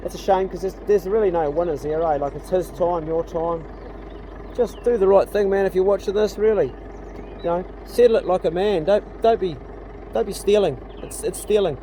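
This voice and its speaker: A man's voice: high voice, normal speed, dark tone, slight background noise. A middle-aged man, chatting casually and bluntly on a vlog outdoors on a rural property. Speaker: vlogger. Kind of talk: casual chat.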